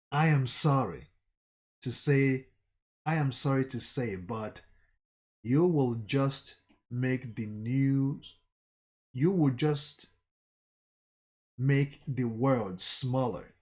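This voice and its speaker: Grave lady envoy read by a man in his own voice, slow and low-key. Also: a little mellow, lightly acted. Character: stern older woman envoy, grave and warning.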